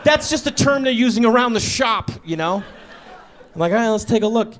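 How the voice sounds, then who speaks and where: A man's voice: extremely high pitch, animated, fairly quick, a bit bright. A man performing a stand-up comedy set, telling a story in an awkward, sheepish way with bursts of exasperation. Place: comedy stage before a live audience.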